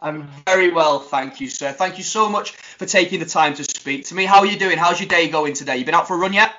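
Bright-voiced jokey podcast host. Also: male voice, on the high side, brisk. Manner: jokey, animated banter. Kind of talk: casual podcast chat. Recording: dull lo-fi sound.

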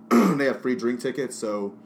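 A man's voice: mid-range voice, very animated, a little slow, slight background noise. A man co-hosting a casual podcast, telling rambling, profane stories while drinking. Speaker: podcast co-host. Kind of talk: casual chat.

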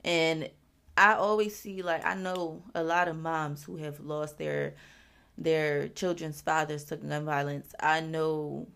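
A woman's voice: low voice, flat delivery, slow, creaky, clear, resonant tone. A woman in her twenties hosting a podcast, talking candidly and casually about family, swearing freely and using many fillers. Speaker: podcast host. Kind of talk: personal reflective monologue.

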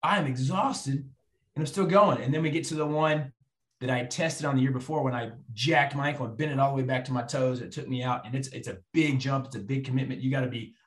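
A man telling a personal faith story to an audience, animated and acting out the voices of people in it. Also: medium pitch, brisk. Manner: animated, acts out quoted voices. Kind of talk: storytelling testimony. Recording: roomy echo.

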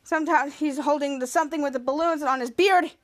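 A woman's voice: high-pitched, fairly even intonation, fast. A woman hosting a podcast, retelling a TV episode in a rambling way with many restarts and acted-out lines. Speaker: podcast host. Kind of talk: casual episode recap.

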